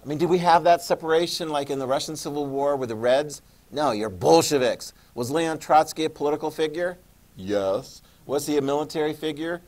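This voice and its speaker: A man's voice: fairly high pitch, a little fast, a little mellow. A man teaching a history class, talking casually and checking in with his students often. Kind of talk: classroom lecture.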